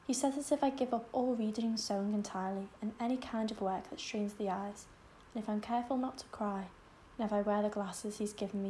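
A woman's voice: medium pitch, warm tone, a little hiss or hum, lightly acted. A woman reading an audiobook, voicing a stern, weary elderly spinster who speaks in a clipped, tired, bitter way. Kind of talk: audiobook character voice.

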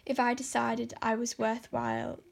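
A woman's voice: on the high side, flat delivery, a little mellow. Woman reading as stern, scolding spinster Marilla. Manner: brisk, scolding, sarcastic. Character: stern older spinster woman raising a girl.

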